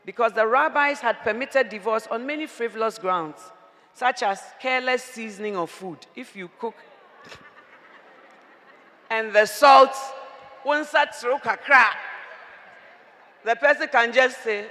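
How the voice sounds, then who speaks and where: A woman preacher, giving an animated, humorous sermon and often raising her voice to a shout. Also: on the high side, takes it slowly, long pauses. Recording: long reverb of a large hall.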